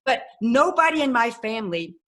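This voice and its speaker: Animated woman in her fifties telling a story. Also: fairly high pitch, normal speed. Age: 50s. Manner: animated, acts out quoted voices. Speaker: guest. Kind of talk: personal storytelling.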